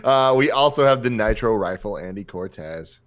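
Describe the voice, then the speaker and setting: Male host, low-ish register, enthusiastic and chatty. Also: lively intonation, normal speed, fairly bright tone. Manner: upbeat, gushing, runs show plugs. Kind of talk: casual podcast chat.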